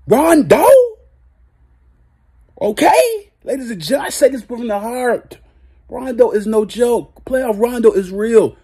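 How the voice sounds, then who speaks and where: Casting note: excitable male sports vlogger, high and husky, swings from low drawl to shouts. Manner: animated, shifts between low drawl and loud shouts. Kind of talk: excited casual basketball rant.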